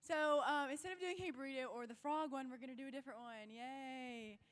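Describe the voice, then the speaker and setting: A young woman with a sore voice leads a crowd game at a church youth event, bubbly and shouting cheers. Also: sits high, fairly quick, smooth.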